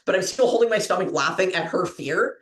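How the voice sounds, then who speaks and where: A woman's voice: on the low side, animated, brisk, fairly bright tone. Rambling, giggly woman host in a roomy space. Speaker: trivia show host. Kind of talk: casual chat and storytelling. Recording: roomy echo.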